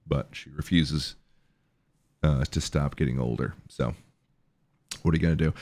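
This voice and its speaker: His voice a rumbling low with a darkish tone, a man in his thirties runs a live stream at normal speed, leaving long pauses. He chats casually, jokes, reads out chat messages, and thanks subscribers.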